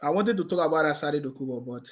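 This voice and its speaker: A man's voice: a little high, animated, fast. A man with a Nigerian English accent hosting a live stream, reading viewer comments and scolding his critics with repeated mocking taunts. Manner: reads viewer comments aloud.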